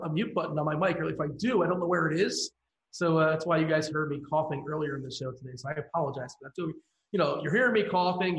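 Quick guy hosting a fantasy baseball show, bit high voice, echoey office room. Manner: brisk, hands off topics to co-hosts. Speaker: host. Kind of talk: fantasy baseball strategy chat.

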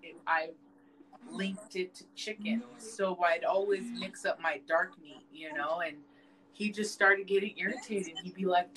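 Young woman podcaster, swears a lot, lively storytelling, noisy background hiss. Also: mid-range voice, moderate pace. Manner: animated storytelling, swears a lot, acts out quoted voices. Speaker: podcast co-host. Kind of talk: casual chat. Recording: noisy home podcast recording.

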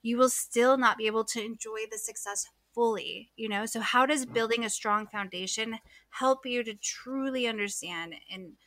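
A woman's voice: on the high side, moderate pace, fairly bright tone, dry recording. A young woman hosting a casual podcast interview, chatty and full of "like" as she builds long questions. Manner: chatty, many "like" fillers, asks long questions. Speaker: podcast host.

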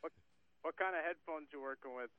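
A man's voice: on the high side, a little fast, no room sound. A man calling into a podcast, playful and bossy with mock seriousness. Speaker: caller. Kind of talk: call-in banter. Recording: tinny phone line.

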